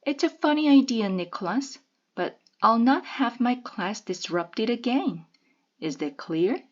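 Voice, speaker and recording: A woman's voice: fairly high pitch, expressive, unhurried, dull audio, voice pushed up. A woman voicing a strict older female schoolteacher with a stern, clipped manner, read from a storybook.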